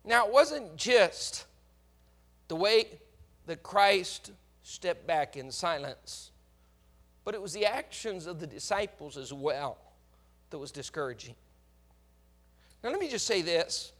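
A man preaching a sermon, swinging between hushed lines and emphatic, acted-out pleas. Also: high voice, very animated, slow, long pauses.

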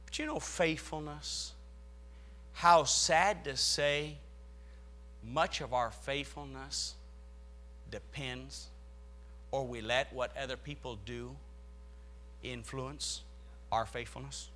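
A male pastor preaching a sermon, reading scripture aloud and swelling dramatically in loudness as he drives his points home. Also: mid-range voice, takes it slowly, long pauses, a little hiss or hum.

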